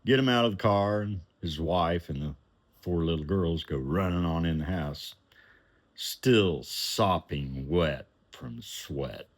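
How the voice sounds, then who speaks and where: A man telling a personal story in an animated way, acting out the voices of the people in it and chuckling now and then. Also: low voice, slow.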